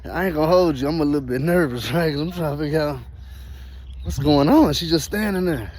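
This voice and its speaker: Animated slangy man telling a story. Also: a little high, quick pace. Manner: animated, slangy, laughs often. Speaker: vlogger. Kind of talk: casual storytelling.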